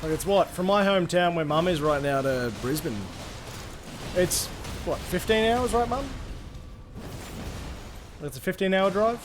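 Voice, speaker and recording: A man's voice: high voice, expressive, measured pace, pauses often, music in the background. A young Australian man streaming a game, rambling and swearing casually as he answers chat between plays. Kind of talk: casual gaming livestream chat.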